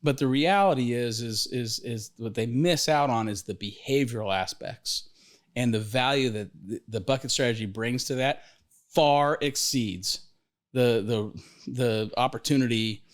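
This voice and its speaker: A middle-aged man hosting a podcast, telling stories in a lively, rambling way, often restarting his sentences. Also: medium pitch, a little slow. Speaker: podcast host, financial advisor. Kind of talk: casual storytelling conversation.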